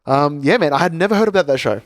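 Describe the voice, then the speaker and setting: A man's voice: fairly high pitch, lively intonation, quick pace, no echo, studio quality. Laid-back Australian man, crude banter. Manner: crude, laughing banter with many fillers. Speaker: podcast co-host. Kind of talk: casual chat.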